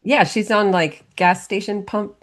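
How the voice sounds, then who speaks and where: A woman co-hosting a podcast, chatting in a relaxed and wry way, often murmuring agreement. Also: mid-range voice, a little slow. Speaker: podcast co-host. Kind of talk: casual chat.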